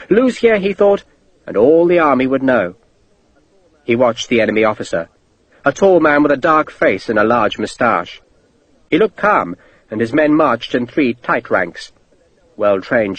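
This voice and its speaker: A man narrating an audiobook in a steady, vivid storytelling manner. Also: medium pitch, no echo, low-quality recording. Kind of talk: scripted narration.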